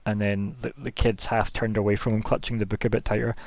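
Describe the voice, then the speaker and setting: A man's voice: lowish voice, flat delivery, fast talker, darkish tone, no echo. A young man narrating a tabletop game as game master, chatty and rambling with many fillers.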